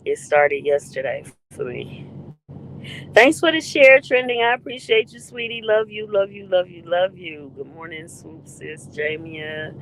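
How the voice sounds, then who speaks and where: A woman's voice: lowish voice, animated, unhurried, fairly bright tone, a little hiss or hum, poor audio. A woman hosting a casual live stream, greeting viewers in the chat by name in a playful way.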